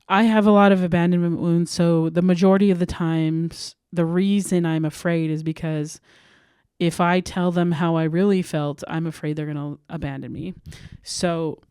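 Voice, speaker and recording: A young woman talks earnestly on her self-help podcast, speaking candidly and pausing now and then to read quotes aloud. Her voice sits a little low and sounds warm and smooth. The recording is dry, with no room echo. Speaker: podcast host.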